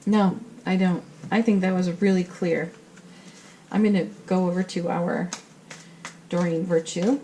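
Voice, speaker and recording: Woman, middle-aged, tarot reader; low, warm, reassuring delivery. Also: fairly even intonation, measured pace, long pauses, slight background noise, rough recording. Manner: gentle, soothing and reassuring. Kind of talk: spiritual tarot reading.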